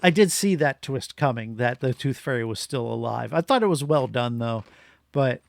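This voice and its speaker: A man's voice: mid-range voice, normal speed, vocal fry, no echo, clean studio sound. A man co-hosting a podcast, giving an opinionated, rambling movie review in casual chat. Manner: rambling, opinionated, animated rants. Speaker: podcast co-host.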